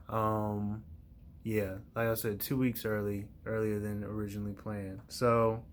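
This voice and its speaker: A young man chatting casually to his viewers and telling a family story in a relaxed, rambling way, with many fillers and slang words. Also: lowish voice, slight background noise. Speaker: vlogger.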